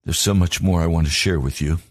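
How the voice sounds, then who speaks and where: A man's voice: sits low, fairly even intonation, fairly quick, no echo, studio quality. A man preaching a sermon as a pastor, in an earnest, emphatic cadence built on repeated phrases.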